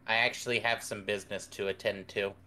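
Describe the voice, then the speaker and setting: A man playing a tabletop game, talking in a low-key, casual way. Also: level tone, a little fast, sharp tone. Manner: laid-back, low-key. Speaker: player. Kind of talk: casual in-character play.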